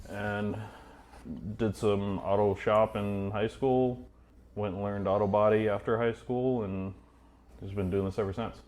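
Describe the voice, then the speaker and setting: A man from Idaho being interviewed in a garage, answering plainly and relaxed, with fillers. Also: lowish voice, measured pace, long pauses. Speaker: podcast guest. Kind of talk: casual interview.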